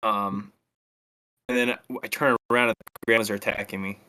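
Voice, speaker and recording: Young guy, bright tone, laid-back podcast co-host who hesitates and thinks out loud. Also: lowish voice, a little fast. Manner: relaxed, hesitant, thinks aloud with ums. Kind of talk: casual chat.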